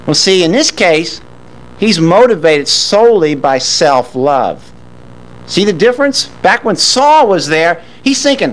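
A man with a high voice delivers a sermon, reading scripture aloud and then retelling it in his own words. He voices the characters' lines as he goes. His pitch jumps up and drops low to drive home each point. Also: unhurried, poor audio. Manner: animated, with sharp swings in pitch for emphasis. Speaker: preacher. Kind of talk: sermon, Bible teaching.

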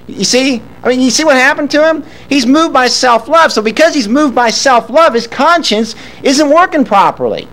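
A man preaching a sermon, reading a Bible passage and retelling it with animated asides, acting out the characters' lines. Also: normal speed, hardly any pauses, poor audio. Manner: animated, with sharp swings in pitch for emphasis.

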